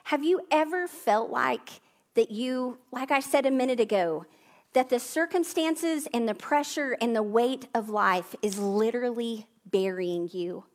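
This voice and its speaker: A woman's voice: fairly high pitch, measured pace. A middle-aged woman preaching a conversational sermon, with personal stories and asides. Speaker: pastor.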